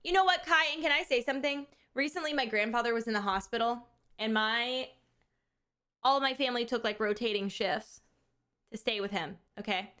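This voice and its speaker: A woman live streamer talking with her chat in a relaxed, unscripted way. Her voice sits a little on the high side, and she is animated and candid, laughing often and swearing without a second thought. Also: moderate pace, clear, resonant tone. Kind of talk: casual chat with viewers.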